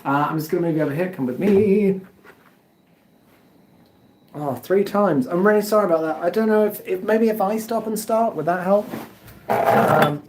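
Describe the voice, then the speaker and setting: A man's voice: fairly high pitch, darkish tone. A man with an English accent chatting casually to his livestream viewers, rambling and self-deprecating as he tells a story and fiddles with his setup. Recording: roomy echoey home recording.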